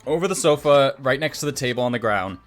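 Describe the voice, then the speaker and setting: Relaxed male game master narrating. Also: mid-range voice, quick pace, soft background music. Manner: relaxed, chatty, laughs while narrating.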